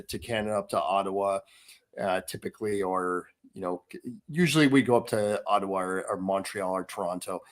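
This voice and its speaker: A middle-aged man hosting a casual podcast, talking in rambling stretches full of fillers and restarts. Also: fairly low pitch. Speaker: podcast host.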